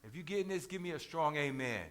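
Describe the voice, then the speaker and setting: A man delivers a sermon in a high, forceful voice. He works in call-and-response, hammers each point by repeating it, and climbs to shouts when he drives a point home. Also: animated, racing. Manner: rises to shouts at key points. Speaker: preacher.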